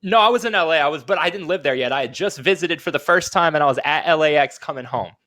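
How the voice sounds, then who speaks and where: A man's voice: fairly high pitch, fast talker, bright, forceful tone. A man co-hosting a podcast, telling rambling anecdotes in casual chat, laughing and swearing. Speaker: podcast co-host.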